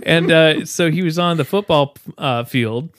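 A man hosting a podcast, chatting casually and telling a story with loud shouted quotes and lots of laughter. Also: on the high side, animated, takes it slowly, no echo, clean studio sound. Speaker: podcast host. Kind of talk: casual chat. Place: home, video call.

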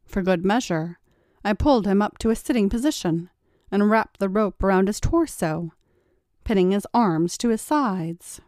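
A woman's voice: medium pitch, lively intonation, normal speed, darkish tone, no room sound. A woman reads a first-person story aloud, teasing and taunting as she goes. Her voice sits in a middle range. The recording is very dry, with no room sound. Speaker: story narrator.

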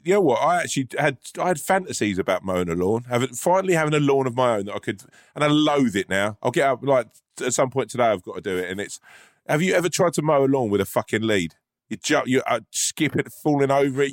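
A man's voice: medium pitch, lively intonation, fast talker, no echo, studio quality. Sweary man ranting. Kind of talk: casual chat.

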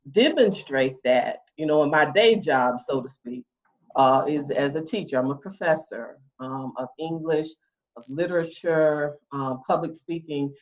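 A middle-aged woman speaks as a podcast guest. She laughs easily and fills her talk with ums and restarts. The audio is muffled and lo-fi. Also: low voice. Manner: warm, laughs often, many fillers. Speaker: guest, writing consultant. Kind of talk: podcast interview. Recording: dull lo-fi audio.

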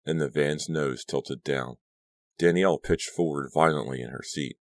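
A man reading a horror novel aloud as an audiobook, in steady, measured storytelling. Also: a bass voice, no room sound. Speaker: audiobook narrator. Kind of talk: scripted audiobook narration.

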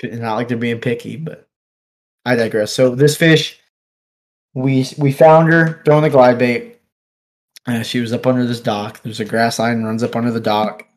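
A man in relaxed conversation, telling a long fishing story with lots of "like" and "dude" and frequent laughs. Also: medium pitch, moderate pace. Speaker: podcast guest angler. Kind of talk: casual storytelling chat. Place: office.

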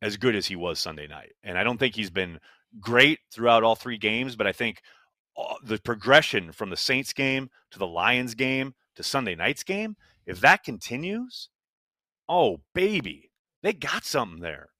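A man's voice: mid-range voice, very animated, moderate pace, sharp tone, no echo. A man co-hosting a casual sports podcast, talking emphatically with frequent exclamations. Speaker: podcast co-host.

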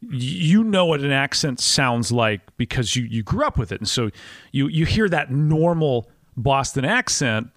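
A man's voice: medium pitch, sing-song, normal speed, fairly bright tone, dry recording, clean studio sound. A man with a neutral broadcast voice, hosting a casual interview podcast in an upbeat, playful way. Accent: none, neutral broadcast. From Wisconsin. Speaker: podcast host.

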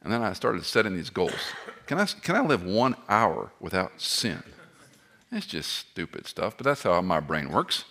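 A middle-aged man preaching a sermon, impassioned, swinging between loud cries and hushed tones, with self-deprecating asides. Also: sits low, sing-song, unhurried. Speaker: pastor.

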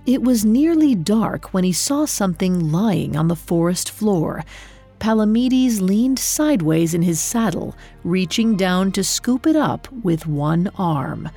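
A woman tells an old legend in a slow, measured storybook narration. Her voice is dark, mellow and slightly husky. Soft music plays quietly behind her. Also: medium pitch, animated.

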